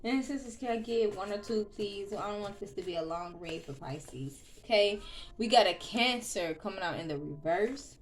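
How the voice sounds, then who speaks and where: A woman's voice: mid-range voice, animated, normal speed. Chatty woman tarot reader. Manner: chatty, loose, with frequent ums and restarts; soft murmured prayer. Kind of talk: casual tarot reading.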